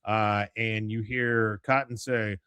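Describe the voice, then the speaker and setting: A man's voice: lowish voice, little pitch movement, slow pace, pushed and bright, smooth, no echo. A man co-hosting a podcast who animatedly retells an episode with lots of filler words. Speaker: podcast co-host. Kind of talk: episode recap.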